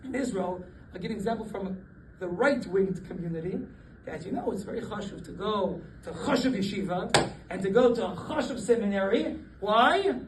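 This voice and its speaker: A man with a fairly high voice gives a lively Torah class, laughing often and slipping into the voices of people in his stories. He sounds set back from the microphone in a roomy, echoing space with a faint hum of background noise. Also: moderate pace. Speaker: rabbi teaching a class. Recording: echoey room, voice from a distance, faint background noise.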